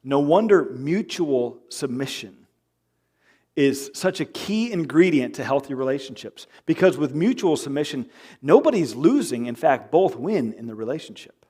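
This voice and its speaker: A man's voice: fairly high pitch, normal speed, slightly rough. A male pastor preaching a sermon in church, joking with the congregation and acting out quoted arguments in his own voice. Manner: animated, jokey, acts out quoted arguments. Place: church sanctuary.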